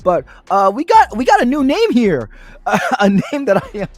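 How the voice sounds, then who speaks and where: A man's voice: high-pitched, wildly swooping pitch, moderate pace, no echo. A man co-commentating a fighting game tournament in a wry, joking way. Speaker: esports commentator.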